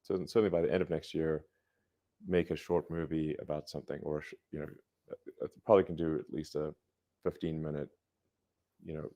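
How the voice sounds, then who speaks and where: A man talking as an interview guest in a halting, stop-and-start way. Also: a bass voice, level tone, mellow. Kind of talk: casual interview talk. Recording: muffled played-back clip.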